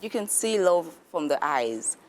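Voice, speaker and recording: Animated woman explaining child empathy. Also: fairly low pitch, a little slow, a little hiss or hum. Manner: animated, acts out parents' reactions. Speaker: guest expert on child development. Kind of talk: explanatory studio talk. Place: TV studio.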